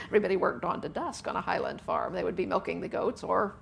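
A woman's voice: fairly low pitch, animated, fast talker, gravelly, few pauses, a little hiss or hum. A woman author being interviewed on stage at a festival, talking chattily with frequent laughs and "uh" fillers. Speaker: author guest. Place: book festival event with audience.

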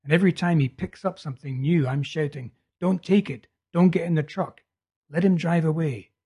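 A man reading the part of a feverish young man urgently telling a vision, in a husky voice. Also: on the high side, quick pace, mellow. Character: feverish young male prophet, intense and urgent.

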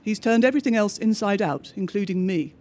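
High-voiced man reading a bleak diary. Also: lively intonation, darkish tone. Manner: measured, understated diary reading. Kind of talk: scripted narration of a diary story.

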